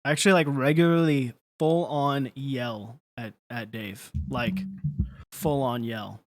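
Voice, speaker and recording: A man co-hosting a livestream show in relaxed casual chat, joking and laughing easily. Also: medium pitch, unhurried, no room sound. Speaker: co-host of a keyboard livestream show.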